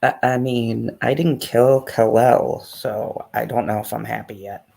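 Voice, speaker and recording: A man's voice: mid-range voice, steady tone, unhurried, gravelly, darkish tone. A man from New York co-hosting a casual live stream, grumbling and joking. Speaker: co-host.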